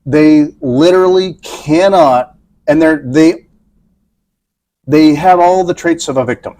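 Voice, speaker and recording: A man's voice: a little high, takes it slowly, mellow. A man co-hosting a podcast, talking casually and rambling with many restarts. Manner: rambling, hesitant, frequent fillers and restarts. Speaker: podcast co-host. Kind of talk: casual chat.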